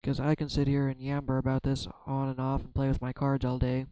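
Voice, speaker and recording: Halting, mellow-voiced man reading tarot. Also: medium pitch, completely flat delivery, clear, resonant tone, no room sound, low-quality recording. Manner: halting, self-searching, many restarts. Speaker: tarot reader. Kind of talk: reflective solo tarot vlog.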